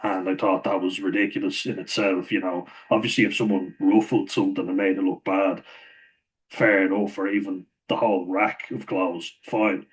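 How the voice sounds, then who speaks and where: Low, flat-voiced man. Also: moderate pace, low-quality recording. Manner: rambling, with frequent chuckles and "you know" fillers. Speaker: vlogger. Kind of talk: casual storytelling.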